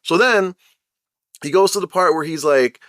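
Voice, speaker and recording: A young man of Caribbean background giving casual commentary as a show host, animated, acting out quotes as he retells. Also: a little high, moderate pace, no room sound, studio quality.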